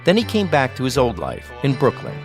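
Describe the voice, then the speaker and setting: Lively male documentary narrator. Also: mid-range voice, a little fast, music in the background. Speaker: podcast host and narrator.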